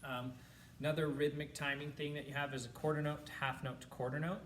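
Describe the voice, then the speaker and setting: A man's voice: on the high side, flat delivery, fast, fairly bright tone, distant mic, slight background noise, poor audio. A man teaching a school band lesson, explaining rhythms and chanting counts and syllables aloud for his students. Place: classroom.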